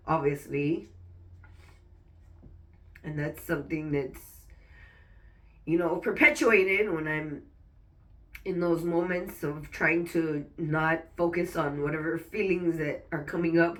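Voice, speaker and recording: A woman's voice: low-pitched, far from the mic. A woman venting in a personal vlog while fighting back tears, swearing often and stopping mid-sentence to restart. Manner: raw, swearing, halting restarts.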